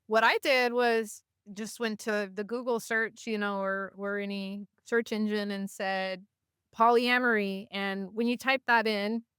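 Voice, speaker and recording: A woman guest on a podcast, chatting casually and telling stories in an animated way, often with fillers. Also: medium pitch, measured pace, smooth, no echo, studio quality. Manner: animated, acts out voices of people in her stories. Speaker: podcast guest, community organizer. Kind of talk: casual storytelling in conversation.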